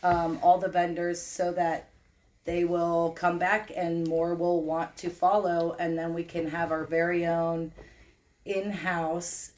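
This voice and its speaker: A woman's voice: lowish voice, flat delivery, slow pace, a little mellow. A woman guest describing an event she is organizing, friendly and informal. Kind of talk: casual interview chat.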